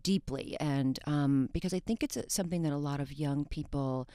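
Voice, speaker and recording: A woman psychologist talking as a guest on a talk show, animated, with frequent restarts and laughs. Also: low-pitched, moderate pace, dry recording, studio quality.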